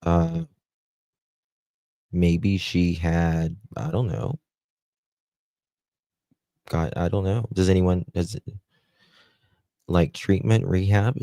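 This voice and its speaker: A very low, gravelly Southern American man talks slowly and casually to his live-stream viewers. His tone is dark and mellow, and he is self-deprecating and chatty, with plenty of "um" pauses. The sound is close and dry, with no room echo. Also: fairly even intonation. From United States. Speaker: livestream host.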